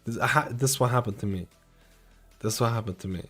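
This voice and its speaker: This young male streamer talks quickly in a mid-range voice with a fairly bright, breathy tone. He rambles loosely through viewer questions in relaxed live-stream chat, over faint background music.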